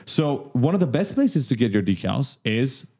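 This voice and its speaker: A man walks viewers through a 3D software lesson. He speaks in a mellow, warm voice. He keeps things casual and simple. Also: medium pitch, sing-song, moderate pace, breathy edge. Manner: enthusiastic, explains simply. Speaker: tutorial host.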